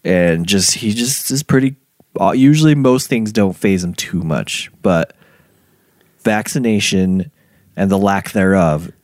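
A man's voice: low voice, measured pace, no echo, clean studio sound. A man co-hosting a podcast, chatting casually with wry, playful jokes. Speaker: podcast co-host. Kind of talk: casual chat.

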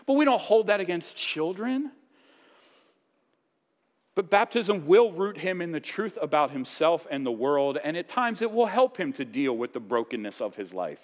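Animated preaching man in a reverberant church. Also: a little high, moderate pace. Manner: conversational preaching with sudden loud emphatic swells. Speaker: pastor. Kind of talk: sermon.

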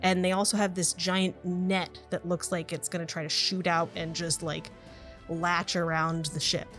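A woman narrating as game master of a tabletop game, lively and quick to laugh. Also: on the low side, faint music behind. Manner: lively, laughs often, voices characters.

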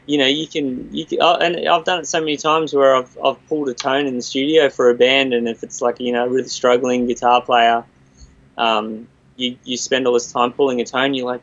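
A man's voice: medium pitch, steady tone, brisk, vocal fry, a bit bright, highs cut off. A man who works as a studio guitarist, talking in a casual, rambling way and often restarting his sentences. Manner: rambling, restarts and quotes others. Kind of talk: casual podcast chat.

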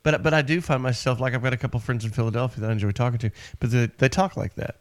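A man hosting a call-in radio show, talking in a brisk, joking way and moving quickly from caller to caller. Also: medium pitch, fairly even intonation.

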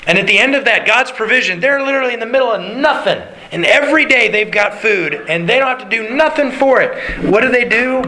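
A man's voice: extremely high pitch, lively intonation, fast, few pauses, pushed and bright, a little hiss or hum, poor audio. A man preaching a sermon. He asks his listeners questions, answers them himself, and guides them through the Bible passage.

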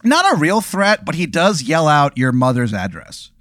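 Podcast co-host, male, high animated voice, loose filler-heavy delivery, dry sound. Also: moderate pace, dry recording. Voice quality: rambling, filler-heavy storytelling. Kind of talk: casual comedic chat.

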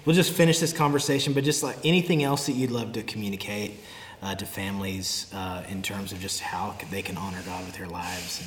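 A man's voice: lowish voice, fairly quick, big-room sound. A man hosting a casual interview, who answers his guest with enthusiastic, affirming remarks. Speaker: host.

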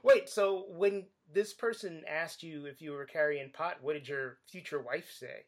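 A woman chatting casually as a podcast co-host, teasing and quick to laugh. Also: sits low. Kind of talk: casual chat.

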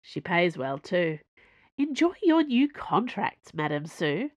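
A woman voicing a confident female special agent who drawls in a slow, cool manner. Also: lowish voice, very animated, dry recording. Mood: smug. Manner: drawling, unhurried.

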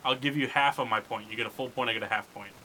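A man co-hosting a live sports podcast, talking loud and crude in rowdy banter. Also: medium pitch, fast, a little hiss or hum, poor audio. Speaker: podcast co-host.

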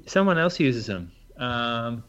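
A man's voice: medium pitch, very animated, slow pace, fairly bright tone, highs cut off. A man, a podcast co-host and running coach, giving opinions in casual chat.

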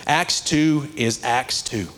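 A man's voice: mid-range voice, slow, a bit bright. A man preaching a sermon, telling a story conversationally and building to earnest, passionate exhortation. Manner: conversational storytelling with many "like" fillers.

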